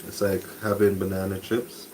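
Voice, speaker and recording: A man hosting a live cooking stream, talking softly and casually to viewers while he cooks breakfast. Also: deep voice, moderate pace, slight background noise, low-quality recording. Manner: talks softly, relaxed and chatty. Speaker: cooking channel host. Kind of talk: soft-spoken live cooking stream chat. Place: home kitchen with cooking noise behind.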